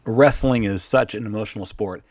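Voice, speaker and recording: A man hosting a podcast and asking the guest long, measured questions. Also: on the low side, darkish tone. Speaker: podcast host. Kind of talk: interview questions.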